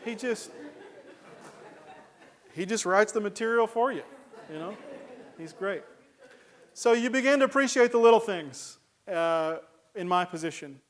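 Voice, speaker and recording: A man's voice: high-pitched, animated, unhurried, pauses often. A man giving a casual, folksy lecture on garden plants, rambling with many uhs and restarts. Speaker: horticulture lecturer. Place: lecture hall.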